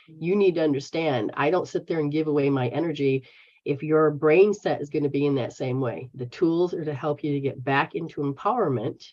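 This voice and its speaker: A deep, darkish-toned woman from the United States answers viewers on her live stream as a spiritual healer. This American speaks bluntly and casually, swearing freely, and the audio is dull and lo-fi.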